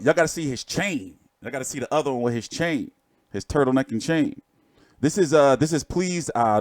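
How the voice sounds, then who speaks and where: Showing pictures on his boxing channel's livestream, a host rambles casually and jokes with plenty of profanity. His voice is fairly high and a little mellow, and the recording is dry.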